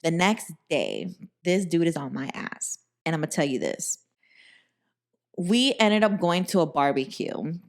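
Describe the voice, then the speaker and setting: Young woman, podcast host, casual storytelling, low voice, animated and profane. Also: measured pace.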